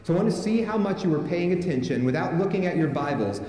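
Male pastor, mellow tone, preaching to and prompting a congregation, heavy hall echo. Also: sits high, lively intonation, fast talker. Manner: calls on the congregation to respond. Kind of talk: sermon. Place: large church sanctuary with a congregation. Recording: echoey hall with long reverb.

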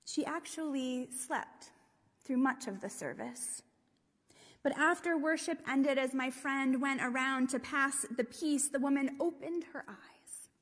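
A woman preaching a sermon, telling a story in a slow, gentle way and dropping to a hush at times. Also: high voice. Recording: long reverb of a large hall.

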